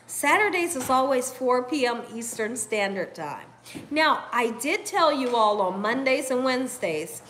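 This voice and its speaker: A middle-aged woman runs a cooking live stream, reading out viewer comments. Her voice sits fairly high with a rather bright tone, and a little background noise is audible. She talks casually, laughs a lot and addresses her audience directly as "y'all".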